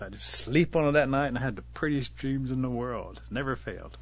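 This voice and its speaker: A man telling a traditional animal tale in an unhurried, folksy way, giving the animals light voices of their own. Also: mid-range voice, slightly rough, highs cut off. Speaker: storyteller. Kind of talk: oral storytelling of a traditional tale.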